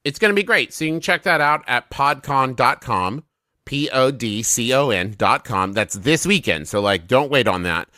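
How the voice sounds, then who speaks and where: Male comedy podcast co-host, dry close sound, lively rambling delivery. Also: medium pitch, moderate pace, no echo. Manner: eager, rambling show plugs. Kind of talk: casual comedy podcast banter.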